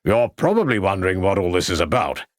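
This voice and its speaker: A blustering, domineering middle-aged squire, as the narrator voices him, brusque and commanding, with lively swings in pitch. The sound is close and dry. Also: male voice, fast talker, no echo.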